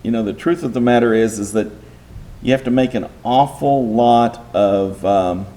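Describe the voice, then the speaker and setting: Man, Bible teacher, mid-pitched and warm-toned, patient lecture delivery with rhetorical questions. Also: normal speed.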